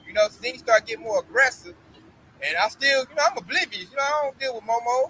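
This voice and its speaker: A young man preaching outdoors, telling a blunt, profane, animated testimony story. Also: very high voice, fast, slight background noise, low-quality recording.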